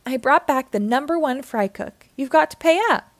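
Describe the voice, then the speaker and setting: A woman's voice: sits high, expressive, moderate pace, no echo, voice pushed up. Squidward, a woman doing a grumpy cartoon squid. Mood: demanding. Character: grumpy, scheming male squid.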